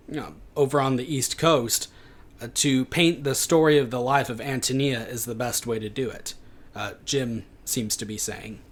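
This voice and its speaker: A man lectures on a novel, thinking aloud, his sentences broken by many "uh"s and small restarts. His voice sits at an ordinary middle pitch for a man. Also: fairly bright tone. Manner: unscripted, frequent "uh" fillers and self-corrections. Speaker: literature lecturer. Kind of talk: recorded classroom lecture.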